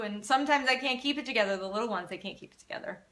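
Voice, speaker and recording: This woman, a parenting coach fielding questions on a relaxed live stream, talks very fast in a fairly high, slightly bright voice. She's sincere and supportive but keeps restarting her sentences.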